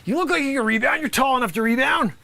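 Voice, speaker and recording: Man doing an improv bit as a loud, bossy small-town basketball coach; high, bright voice, lots of asides. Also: quick pace, gravelly, full character voice. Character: brash male high school basketball coach. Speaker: improv comedian host. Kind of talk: improv comedy sketch.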